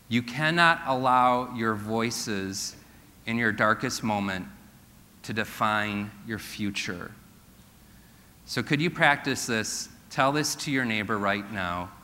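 A male pastor giving an earnest sermon in a church and slowing to a hush for key points. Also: fairly low pitch. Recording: long hall reverb.

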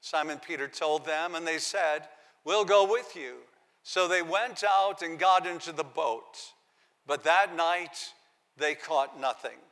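A man's voice: on the high side, slow pace, fairly bright tone, big-room sound. A man preaching a sermon, reading scripture aloud and giving the quoted lines dramatic emphasis. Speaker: pastor.

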